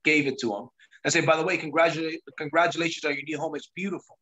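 A man's voice: on the high side, fairly even intonation, quick pace, sharp tone. A man hosting a sales team call, telling his own story in an emphatic, pushy, repetitive way. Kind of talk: motivational sales talk on a call.

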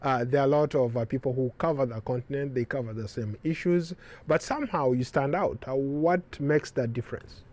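A man interviewing a guest, asking questions hesitantly with many filler pauses. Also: medium pitch, a little mellow.

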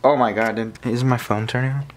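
A man's voice: medium pitch, fairly even intonation, fairly quick, slight background noise. Teasing man filming his friend. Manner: teasing, laughing.

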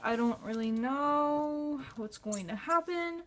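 A young woman talking casually to the camera in a vlog, nervous and frantic with her pets, then flat and tired as she recaps her day. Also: high voice, slow, a little hiss or hum. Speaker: vlogger.

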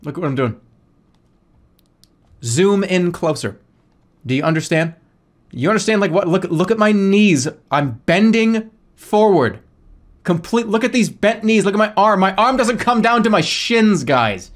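A man streaming a game, ranting in an exasperated, animated way with lots of swearing. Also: sits high, a little slow, long pauses. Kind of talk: live game streaming rant.

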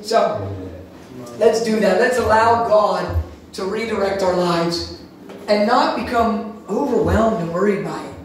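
A man preaching a sermon wrap-up, telling animated stories with sudden shouts. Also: high voice, unhurried, a little hiss or hum. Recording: echoey room from far off.

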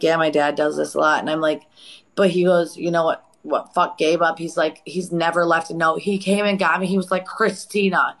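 A woman in her forties telling a painful personal story on a live chat, raw and profane, breaking into loud re-enacted outbursts. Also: mid-range voice, rough recording. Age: 40s.

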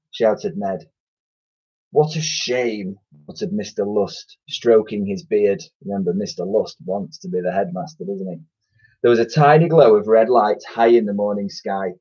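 An English man, a primary school teacher, reads a children's story aloud at home. His voice sits low and a little husky, and the home recording sounds dull and lo-fi. He chats along with small fillers and fixes his own slips. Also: warm tone. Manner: chatty, with fillers and self-corrections.

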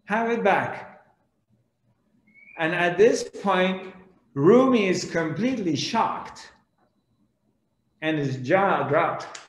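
A man's voice: high voice, expressive, slow, pauses often, roomy sound, low-quality recording. A man giving a spiritual discourse, telling a story animatedly and acting out the characters. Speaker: spiritual teacher.

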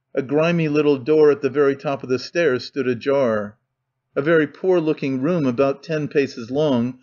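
A male audiobook narrator reads in steady, measured scripted narration. His voice sits slightly high, and the recording is dull and lo-fi. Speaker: audiobook reader.

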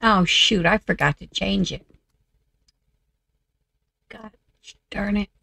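A woman chats through her game at an unhurried pace and mutters to herself as she works. Her voice is gravelly and a little off, with an occasional cough. The sound is dry and close, with no room around it. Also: medium pitch, bright, forceful tone, no echo. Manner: muttering to herself while working. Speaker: video game creator. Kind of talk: casual gameplay commentary.

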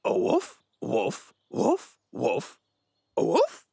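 A man's voice: high voice, wildly swooping pitch, extremely slow, creaky, dark tone, breathy edge, dry recording, studio quality, heavily acted. A man voicing a big friendly male dog scout leader in a cartoon, who talks only in woofs and hums. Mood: cheerful woofing. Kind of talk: cartoon voice acting.

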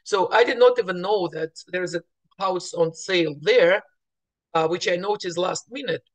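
A woman's voice: fairly low pitch, moderate pace. Woman realtor chatting to a room of agents, morning voice, lots of little restarts, acts out what people said. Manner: chatty storytelling with acted-out dialogue. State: morning voice, clearing throat. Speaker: real estate agent. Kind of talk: presentation to fellow agents.

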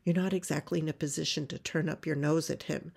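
A woman's voice: low-pitched, fairly even intonation, quick pace, creaky, darkish tone, breathy edge, heavily acted. A woman voicing a pushy farm woman who coaxes a girl into a match. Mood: wheedling. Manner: coaxing, emphatic, wheedling.

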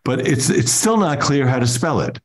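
A man's voice: mid-range voice, expressive. A male comedian guest riffing jokes in a casual chat. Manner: quick joking riffs.

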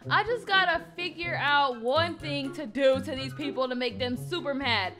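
A woman's voice: high voice, moderate pace. A woman narrating a game roleplay in a playful, dramatic, mischievous way. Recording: clear background music under voice. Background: background music.

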